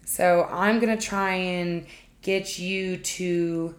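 A woman's voice: on the low side, fairly even intonation, slow pace. Chatty woman coach in an echoey room. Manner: chatty and informal, talks straight to listeners. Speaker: relationship coach and podcast host. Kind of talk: solo podcast monologue.

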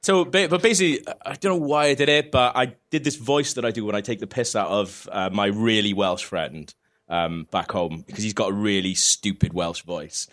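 A man's voice: on the low side, normal speed, a bit bright. A man hosting a podcast in casual chat, rambling, swearing and laughing often. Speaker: podcast host.

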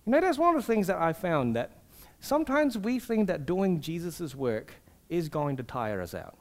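A man with a notably high voice preaches a sermon. He speaks earnestly and personally and keeps posing rhetorical questions to his congregation. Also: sing-song, moderate pace. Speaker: pastor.

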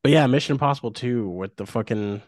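A man's voice: mid-range voice, fast talker, a little mellow, dry recording, studio quality. Blunt, foul-mouthed man on a podcast. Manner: blunt, profane opinions. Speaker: podcast co-host. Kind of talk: casual movie chat.

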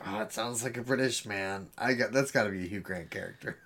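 A man co-hosting a podcast, playing along with a quiz in casual chat, joking and thinking out loud. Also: fairly low pitch, fast talker. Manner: playful, joking, thinks aloud. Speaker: podcast co-host and quiz contestant.

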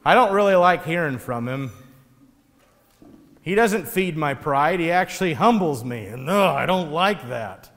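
A man's voice: a little high, lively intonation, unhurried, a bit bright, in a large hall. A man voicing a proud, grumbling ancient king in a whiny, petulant tone while retelling a story in a sermon.

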